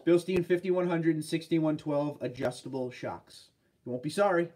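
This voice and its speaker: A dark-toned male voice on the high side, with fairly even intonation and a moderate pace. The speaker, a New Englander with a Boston accent and a head cold, casually hosts a livestream, voicing chat comments and replying to viewers' truck questions.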